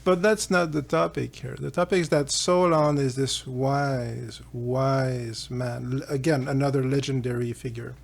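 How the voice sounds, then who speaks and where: Man hosting a philosophy channel, rambling storyteller, unhurried, gravelly. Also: mid-range voice, fairly even intonation. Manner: rambling, with fillers and chuckles. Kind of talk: casual storytelling lecture.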